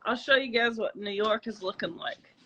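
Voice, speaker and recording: A woman's voice: fairly high pitch, moderate pace, fairly bright tone, dull audio. A woman joining a livestream by phone video call, chatting casually and easily amused. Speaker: livestream guest.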